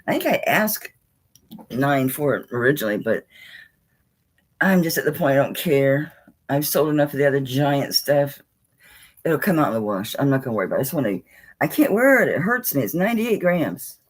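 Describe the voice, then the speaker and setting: A woman's voice: a bass voice, very animated, a little fast, slightly rough, poor audio. A woman, chatting casually and folksily as she sells jewelry on a live stream.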